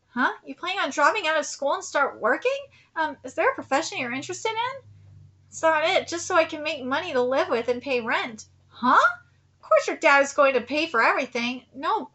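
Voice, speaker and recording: A woman's voice: sits high, a bit bright. A woman streamer reading manga aloud and reacting live, emotional and near tears, with laughing asides.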